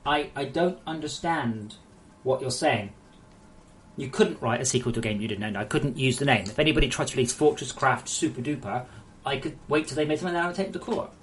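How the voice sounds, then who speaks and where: A woman's voice: rumbling low, slight background noise. A woman game developer on a casual live stream, reading viewer messages aloud and ranting with lots of swearing. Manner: profane, ranting, quick to anger.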